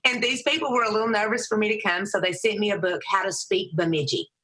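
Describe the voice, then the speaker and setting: Bright-voiced Southern woman telling a story. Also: fast. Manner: animated storyteller, raises her voice high for quoted people. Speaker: Christian motivational speaker, guest. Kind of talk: storytelling interview answer.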